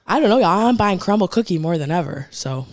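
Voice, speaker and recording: A woman's voice: fairly low pitch, lively intonation, brisk, no room sound, clean studio sound. A woman co-hosting a podcast, telling a story in a chatty, gossipy way and swearing freely as she talks. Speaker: podcast co-host. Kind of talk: casual chat.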